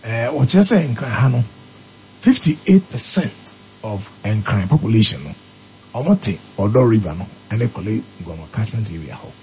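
A man's voice: on the low side, animated, measured pace, warm tone, faint music behind, low-quality recording. A man with a Ghanaian accent, explaining step by step as a talk-radio commentator and mixing English terms into his speech. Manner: mixes local language with English, explaining step by step.

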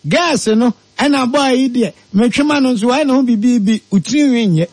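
A man hosting a radio talk show, moving between solemn announcements, lively banter and ad reads. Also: very high-pitched, normal speed, slightly rough, dry recording. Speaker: radio host.

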